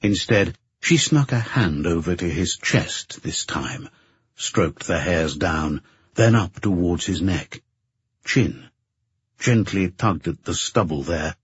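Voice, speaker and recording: Low, husky male audiobook narrator. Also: lively intonation, no room sound. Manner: slow, measured. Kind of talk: scripted narration. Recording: dull lo-fi recording.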